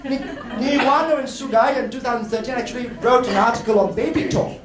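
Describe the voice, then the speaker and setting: A man giving a lively, playful workshop talk at a conference, acting out voices and laughing often. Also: extremely high pitch, fairly quick. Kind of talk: lively educational talk to an audience. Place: hotel conference room. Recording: roomy hall with faint noise.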